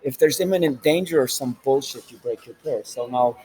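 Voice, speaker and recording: A man's voice: medium pitch, brisk, darkish tone, rough recording. A man vlogging in a rambling, profane monologue with street slang, recorded on a handheld phone inside a large train station.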